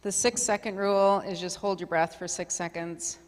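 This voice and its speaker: A middle-aged woman leading a community workshop in a relaxed, chatty way, full of fillers and asides. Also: fairly low pitch, normal speed. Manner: chatty, filler-heavy, conversational. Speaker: workshop facilitator. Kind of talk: casual workshop presentation. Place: community meeting hall. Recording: long hall reverb.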